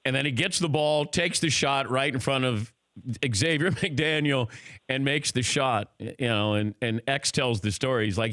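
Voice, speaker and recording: A man's voice: medium pitch, normal speed, a bit bright, no echo, clean studio sound. A man hosting a talk radio interview, laughing along with his guest and reading sponsor plugs. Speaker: radio show host.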